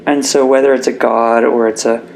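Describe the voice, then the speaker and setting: A young man speaks as an interview guest, earnest and reflective. His voice is gravelly, at a middle pitch. A faint hiss of noise sits behind him. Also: level tone, normal speed, poor audio. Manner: earnest and reflective, gets emotional. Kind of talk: candid personal interview.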